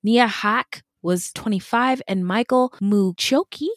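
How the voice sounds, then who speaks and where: A woman's voice: mid-range voice, slow, no echo, clean studio sound. A woman from Arizona co-hosting a podcast, reading facts aloud with giggly, playful asides. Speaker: podcast co-host.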